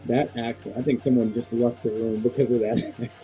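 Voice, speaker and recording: A man's voice: medium pitch, fairly even intonation, a little fast, dull audio, soft background music. A man hosting a casual wrestling prediction show, rambling and playful with lots of fillers. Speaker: podcast host.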